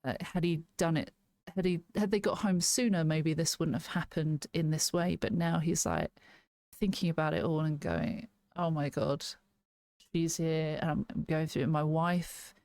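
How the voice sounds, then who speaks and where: A woman's voice: low-pitched, normal speed, darkish tone, no echo, clean studio sound. A woman casually reviewing an album, thinking aloud, restarting sentences and laughing now and then. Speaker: music reaction host.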